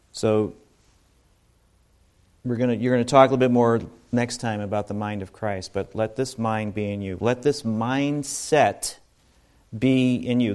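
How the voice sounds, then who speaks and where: A man's voice: mid-range voice, darkish tone, smooth. A man giving an informal sermon to a congregation, talking conversationally with asides and restarts. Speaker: bible teacher.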